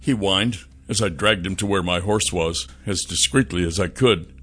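A man narrating a first-person adventure novel in an expressive storytelling manner. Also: sits low, moderate pace, slightly rough. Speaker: audiobook narrator.

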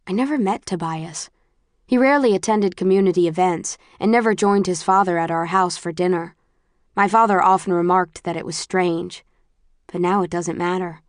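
Measured low-voiced woman narrating a story. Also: no echo, clean studio sound. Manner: measured, even storytelling with quoted dialogue. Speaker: audiobook narrator. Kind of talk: first-person audiobook narration.

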